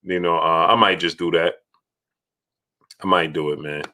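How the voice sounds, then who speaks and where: A low-voiced man runs a casual livestream chat, calling out names from the chat. His voice is bright and forceful and sits low. He repeats phrases as he goes. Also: steady tone, normal speed. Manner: shouts out chat donors, repeats himself. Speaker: livestream host.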